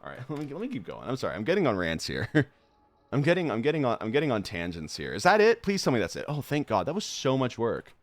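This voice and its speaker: A young man streaming a horror game live, rambling off on tangents with frequent swearing and laughter, and reading the on-screen text aloud quickly. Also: medium pitch, wildly swooping pitch. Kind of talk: live gameplay commentary.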